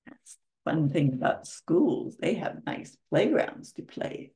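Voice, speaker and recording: A woman's voice: deep voice, big pitch swings, takes it slowly, hardly any pauses, warm tone. An older woman reading a picture book aloud to children, stopping to ask the listener questions. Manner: asks the listener questions between pages. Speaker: storyteller.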